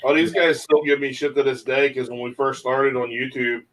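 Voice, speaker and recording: A man, a guest on a casual talk show, chatting in an easygoing, slightly halting way. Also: medium pitch, level tone, a bit bright, poor audio. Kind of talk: casual chat.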